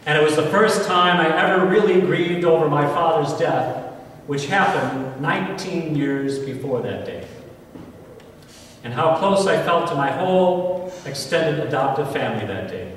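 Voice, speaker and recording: A man in his forties with an American accent, a priest telling a personal story in a homily, earnest and slow with emphatic pauses. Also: fairly high pitch, lively intonation, a bit bright, slight background noise. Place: large church. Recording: echoey church hall from far off.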